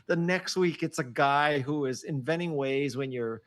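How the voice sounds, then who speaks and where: A man over sixty, a podcast guest on a video call, chatting casually as an animated, joking storyteller. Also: fairly high pitch, moderate pace. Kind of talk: casual interview chat. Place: home office on a video call.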